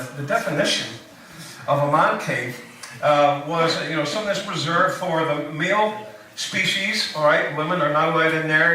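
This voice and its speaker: A man's voice: medium pitch, background noise. A man giving a casual sermon, rambling with joking asides and many fillers. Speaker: preacher. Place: church hall. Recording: echoey room, voice from a distance.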